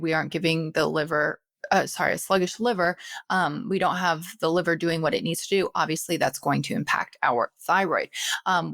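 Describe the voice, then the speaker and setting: A woman in her thirties hosts a health podcast, speaking casually and out of breath, often checking in with "okay?" Her voice sits on the low side, and the podcast setup captures a dry recording.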